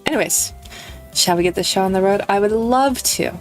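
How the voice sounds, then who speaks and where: A woman's voice: medium pitch, fairly quick, faint music behind. A young woman streaming a visual novel, chatting playfully with viewers and reading the game's lines aloud. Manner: playful and giggly, reads lines in character. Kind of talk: casual live-stream chat and reading game text aloud.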